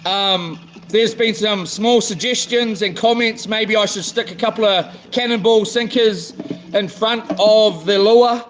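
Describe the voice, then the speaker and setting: A man's voice: high-pitched, a little slow, slight background noise. A middle-aged man with a New Zealand accent, vlogging casually, frustrated, stumbling and repeating himself as he talks. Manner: frustrated, repetitive, stumbling restarts. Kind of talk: casual vlog rant.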